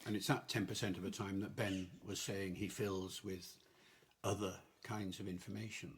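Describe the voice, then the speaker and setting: A man's voice: low-pitched, level tone, moderate pace, a little hiss or hum. An older man as a language professor guest, explaining patiently in a podcast discussion.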